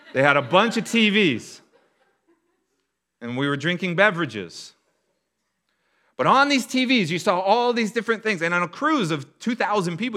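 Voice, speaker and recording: A man preaching a sermon as a pastor, telling stories in an animated way and acting out the voices of a crowd. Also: fairly high pitch.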